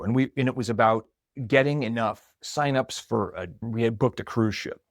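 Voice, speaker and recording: A man's voice: medium pitch, normal speed, no room sound, clean studio sound. A man, probably middle-aged, telling a personal story in a conversational, reflective way. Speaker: marketing coordinator.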